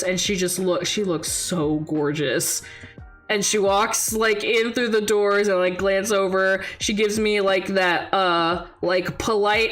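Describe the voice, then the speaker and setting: A young woman streamer chats through a personal story in a lively, expressive way. When she quotes people her voice jumps much higher, and she laughs often. Faint music plays behind her. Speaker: VTuber streamer. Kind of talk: casual storytelling chat.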